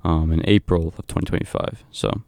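A man working as a radio DJ, casually back-announcing songs in a halting way, with many ums and uhs. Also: low voice, steady tone, gravelly, a little mellow, no room sound, clean studio sound.

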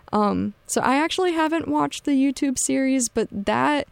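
A woman's voice: fairly high pitch, normal speed, gravelly, hardly any pauses, smooth, no room sound. A young woman hosting a college radio show, talking loosely and casually with lots of fillers. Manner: chatty, loose, many fillers and "like"s. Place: radio studio.

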